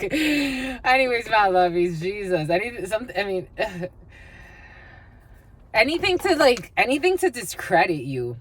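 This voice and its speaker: A woman's voice: mid-range voice, very animated, measured pace, husky. A woman giving a casual tarot reading, chatty and blunt, swearing freely and laughing as she talks. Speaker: tarot reader.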